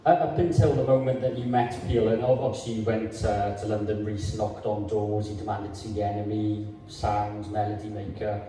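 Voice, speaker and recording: A man interviewing a guest on stage, asking questions hesitantly with many pauses. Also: on the low side, steady tone, mellow, heavy reverb, far from the mic, slight background noise, poor audio.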